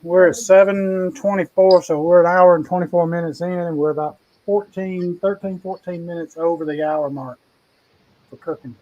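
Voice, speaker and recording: A man's voice: high voice, steady tone, moderate pace, mellow, lo-fi sound. A man hosting a casual cooking show, chatting in a folksy, rambling way. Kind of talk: casual live cooking chat.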